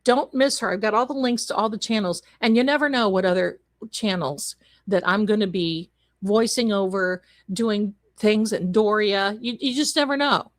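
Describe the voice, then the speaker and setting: A woman's voice: medium pitch, normal speed, dry recording. A woman hosting a live show, chatting casually with rambling asides. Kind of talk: casual livestream chat.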